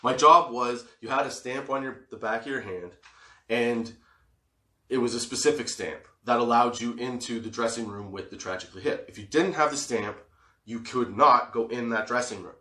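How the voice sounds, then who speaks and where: A man from Canada telling comic stories on his podcast, with a bright, forceful voice. He swears freely, laughs often and acts out the other people in his stories. The room gives his voice a noticeable echo. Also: mid-range voice, normal speed. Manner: animated, swearing, laughing often, acting out quotes. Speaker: podcast host. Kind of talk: comedic storytelling.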